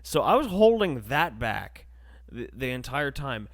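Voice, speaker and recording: A man's voice: mid-range voice, measured pace. A young man hosting a podcast, telling a crude comedic story and acting out the voices. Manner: animated, crude, acts out voices. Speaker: podcast host.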